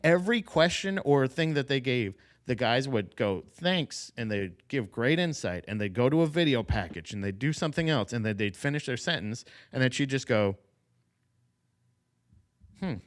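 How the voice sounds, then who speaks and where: Ranting, animated man podcast host. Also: medium pitch, brisk, hardly any pauses. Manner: animated ranting, profane, laughs. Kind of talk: casual podcast chat.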